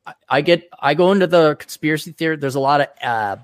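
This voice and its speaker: A man co-hosting a podcast, reading viewer questions aloud and answering in a halting, casual way. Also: a little high, dry recording. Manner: halting, restarts often, laughs easily. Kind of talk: casual chat.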